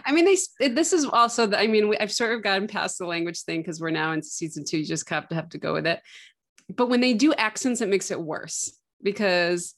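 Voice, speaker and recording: A woman's voice: mid-range voice, a little fast. A woman co-hosting a podcast, chatty and thinking aloud with lots of filler "like"s. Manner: chatty, musing aloud with many "like"s. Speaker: podcast co-host. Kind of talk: casual chat.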